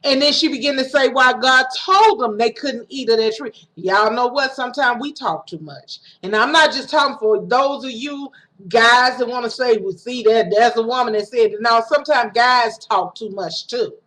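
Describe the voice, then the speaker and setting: A woman's voice: a little high, normal speed, pushed and bright. Woman preaching conversationally. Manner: conversational, repeats and restarts, acts out quoted lines. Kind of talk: casual home-recorded sermon. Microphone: home recording setup.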